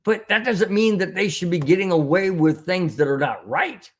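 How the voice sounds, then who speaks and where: A male sports podcast host reads out chat comments and rants about the refs in a heated, sarcastic way. His voice sits somewhat high for a man. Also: normal speed. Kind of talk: casual sports talk, reading chat comments.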